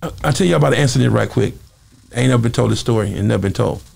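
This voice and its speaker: A man who is a former singer, telling lively stories in an interview and acting out the voices of other people in them. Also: gravelly, soft background music. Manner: quick, lively storytelling, acting out quoted voices with big jumps in pitch. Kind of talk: animated storytelling interview.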